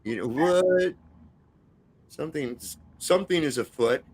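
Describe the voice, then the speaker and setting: A man's voice: a little high, lively intonation, unhurried, a little mellow, slightly rough. A man as a guest on a casual live-stream chat, rambling and crude, tacking "man" onto his sentences. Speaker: panel guest.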